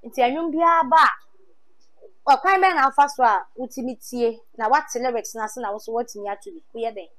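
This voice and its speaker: High-voiced Ghanaian woman interviewer. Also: brisk. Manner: lively, repeats answers back, mixes in English. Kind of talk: on-the-spot talent show interview.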